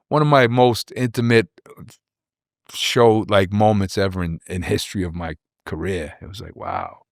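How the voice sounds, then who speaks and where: Low-voiced man telling stories, rambling. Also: normal speed, no room sound, clean studio sound. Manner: rambling, repeats words, lively impressions of people. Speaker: rapper, guest. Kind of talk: casual storytelling interview.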